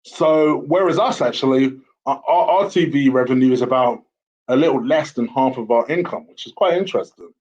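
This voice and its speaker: A man's voice: medium pitch, fairly quick, a little mellow. A man talking casually to camera as a football fan vlogger, blunt and opinionated. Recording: slightly dull lo-fi audio.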